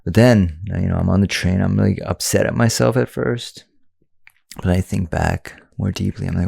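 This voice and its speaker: A man's voice: deep voice, fairly even intonation, moderate pace, vocal fry, warm tone, breathy edge, dry recording, clean studio sound. A man hosting a podcast, talking in a casual, rambling way with lots of filler words. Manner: rambling, many "you know" and "like" fillers. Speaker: podcast host. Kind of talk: casual reflective monologue.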